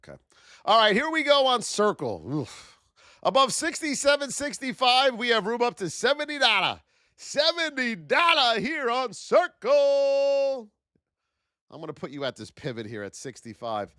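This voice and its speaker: With an extremely high, sharp, very animated voice at a moderate pace, a man in his thirties hosts a live trading stream as an educator. He's hyped, naming viewers and calling them his beauties, in a studio-quality recording with no room sound.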